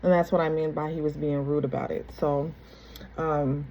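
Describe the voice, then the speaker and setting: Woman vlogger, young adult, dark low husky voice, casual storytelling that rambles and loops back. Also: flat delivery, moderate pace, lo-fi sound. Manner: rambling, repeats herself, frequent restarts and ums. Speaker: vlogger telling her life story. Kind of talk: casual personal storytelling to camera.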